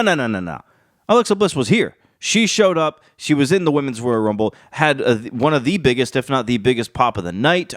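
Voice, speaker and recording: A congested man with a cold runs his wrestling channel, chatting in a relaxed vlog manner with lively energy and sharp, animated pitch jumps. His tone comes through clean, with no room sound, at studio quality.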